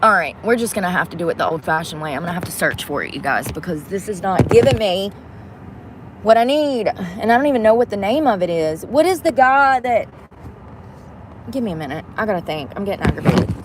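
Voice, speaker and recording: Against a noisy background, a woman with a medium-pitched, animated voice talks a little fast to her vlog viewers. Frustrated, she mutters and curses under her breath while fiddling with a device, hunting for a video.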